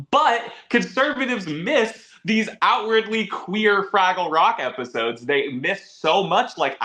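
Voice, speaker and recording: A man's voice: a little high, pushed and bright. A man co-hosting a podcast, ranting heatedly in casual chat and swearing freely. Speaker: podcast co-host.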